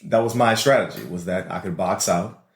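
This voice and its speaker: A man's voice: deep voice, normal speed, gravelly, echoey room. A man with a New Orleans accent, co-hosting a podcast and telling laughing stories about his school days. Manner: laughing, animated storyteller. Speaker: podcast co-host. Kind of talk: casual storytelling chat.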